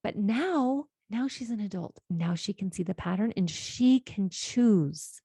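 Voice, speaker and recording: A woman's voice: medium pitch, expressive, measured pace, warm tone, husky, no room sound, clean studio sound. A middle-aged woman hosting a podcast as a life coach, telling a client's story in an earnest way and acting out the quoted lines. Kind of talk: solo podcast monologue.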